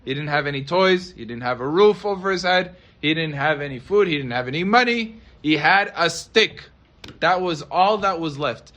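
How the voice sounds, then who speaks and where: A man's voice: a little high, lively intonation, moderate pace, fairly bright tone. Man telling a dramatic sermon story. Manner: dramatic retelling, acting out voices in quotes. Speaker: rabbi.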